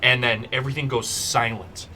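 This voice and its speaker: A man's voice: mid-range voice, steady tone, moderate pace, sharp tone, a little hiss or hum. A man narrating as game master for a tabletop game, describing scenes with frequent fillers.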